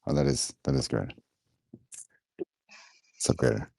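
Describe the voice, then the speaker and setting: A man's voice: moderate pace, warm tone, no room sound. A man bantering casually in a voice chat, full of wisecracks.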